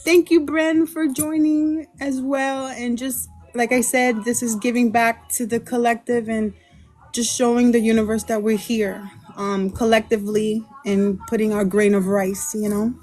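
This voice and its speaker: A woman's voice: fairly high pitch, little pitch movement, measured pace, darkish tone, soft background music. A woman hosting a tarot livestream, chatting in a bubbly way, greeting viewers by name and mixing in Spanish words. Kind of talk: casual livestream chat. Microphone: phone livestream.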